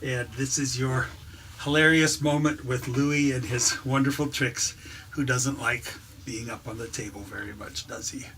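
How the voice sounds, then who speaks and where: Bright-voiced man doing jokey dog-trick patter. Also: mid-range voice, a little slow, a little hiss or hum. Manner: jokey deadpan patter, laughing between lines. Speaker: church member showing his dog's tricks. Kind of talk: playful show-and-tell to camera.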